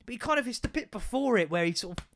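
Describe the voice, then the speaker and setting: A man's voice: extremely high pitch, expressive, fast, gravelly, a bit bright. A man hosting a podcast, ranting in casual chat, sweary, sarcastic and exasperated. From England. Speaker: podcast host.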